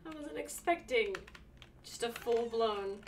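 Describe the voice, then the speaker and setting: A young woman streaming a video game, chatting excitedly to herself and breaking into sudden squeals. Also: a little high, a little slow, creaky, distant mic, a little hiss or hum. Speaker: let's play streamer. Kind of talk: casual gameplay commentary.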